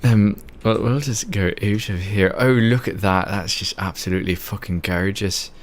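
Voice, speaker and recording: A man's voice: fairly low pitch, moderate pace, background noise. A drunk Australian man livestreaming a game, chatting in a rambling, sweary, giggly way. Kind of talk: casual chat while gaming.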